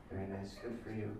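A male comedian doing improvised crowd work, teasing audience members in a playful, quick banter. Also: a little high. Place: event hall with a laughing audience. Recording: roomy, distant mic with loud crowd laughter.

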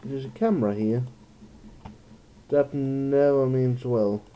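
Very dark-voiced man thinking aloud. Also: mid-range voice, slow. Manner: musing, thinking aloud, jokey asides. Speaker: let's play gamer. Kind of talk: casual gameplay commentary.

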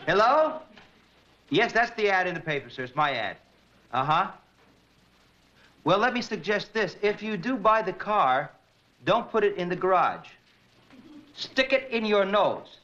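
A man's voice: high voice, big pitch swings, a little slow, pauses often, sharp tone, full character voice. A man in his thirties playing a wisecracking, flustered radio disc jockey in a 1960s sitcom. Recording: lo-fi 1960s TV audio, hiss.

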